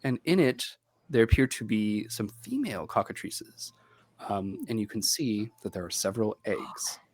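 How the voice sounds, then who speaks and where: Low-voiced man narrating as game master. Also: normal speed. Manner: relaxed, meandering, with many ums.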